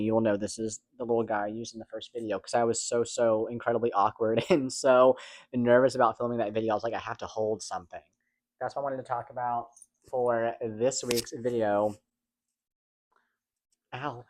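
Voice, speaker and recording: A young man talking fast and candidly in a casual personal vlog, swearing now and then, recorded at home. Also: mid-range voice, steady tone, no room sound. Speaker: vlogger.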